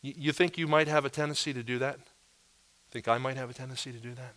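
A man preaching a sermon as pastor, animated and emphatic, pushing up his voice on key words. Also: medium pitch, fast.

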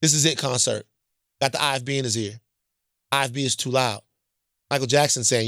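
A man's voice: medium pitch, brisk, long pauses, a bit bright, dry recording. Brief: blunt, emphatic male storyteller from Louisiana, casual, dry close mic. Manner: emphatic, repeats points, checks in with "right?"; profane and blunt.

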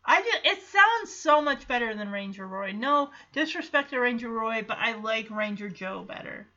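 Bright, high-voiced woman podcast host. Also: lively intonation, normal speed, highs cut off. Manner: chatty, giggly, quotes characters in little voices. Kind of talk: casual episode recap.

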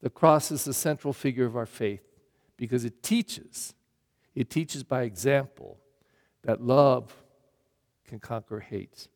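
A man's voice: medium pitch, unhurried, pauses often, a little mellow. A middle-aged male pastor giving a blunt, emphatic sermon full of rhetorical questions during Mass. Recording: long church reverb.

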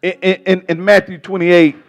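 A male pastor preaching a sermon with passion, stumbling over words and swinging between loud bursts and soft asides. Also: high voice, level tone, normal speed.

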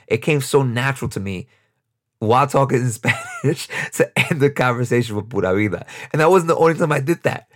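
A man's voice: medium pitch, animated, fairly quick. A young man with a New York accent, hosting a casual solo podcast and talking in a rambling, off-the-cuff way with frequent laughs. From United States, New York. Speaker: podcast host.

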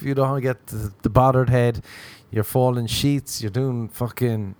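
A man's voice: mid-range voice, steady tone, moderate pace, darkish tone. Sardonic young man ranting on a podcast. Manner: sardonic, swearing, self-mocking. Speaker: podcast host. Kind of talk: solo comedic podcast rant. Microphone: podcast microphone.

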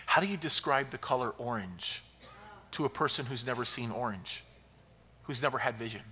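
Bright-voiced preacher in a reverberant hall. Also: male voice, medium pitch. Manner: storytelling, building to loud emphatic peaks. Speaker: pastor. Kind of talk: sermon.

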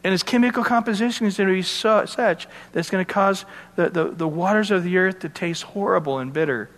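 This male pastor's voice sits high and sounds a bit bright, moving at a fairly quick clip in a big-room acoustic. His sermon reads verses and unpacks them conversationally, dropping asides to the congregation as expository Bible teaching.

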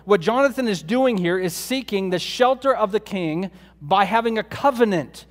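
A man with a high voice delivers a sermon, talking to his listeners in a conversational way and asking them rhetorical questions. His voice rings with a long reverb, as if heard in a large hall. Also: expressive, normal speed. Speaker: preacher.

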